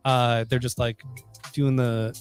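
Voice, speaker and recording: Man, casual podcast co-host, rambling, filler words, laughs a lot, soft music underneath. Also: mid-range voice, level tone, slow. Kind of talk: casual chat about comics.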